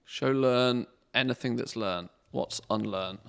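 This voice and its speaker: A man streaming a game, chatting casually and thinking aloud in a relaxed, rambling way. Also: medium pitch, unhurried, gravelly, smooth. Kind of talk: casual live-stream commentary.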